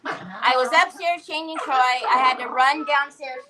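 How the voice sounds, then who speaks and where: A woman's voice: high-pitched, unhurried, sharp tone, poor audio. A middle-aged woman hosting a craft livestream, chatting casually from a parked car and telling a story while greeting viewers by name.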